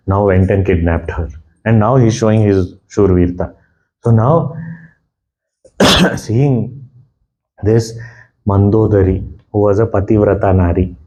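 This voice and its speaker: A man's voice: on the low side, warm tone, rough recording. A man giving a devotional discourse, retelling a scripture story and explaining its verses. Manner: explains verses, chants Hindi couplets quickly.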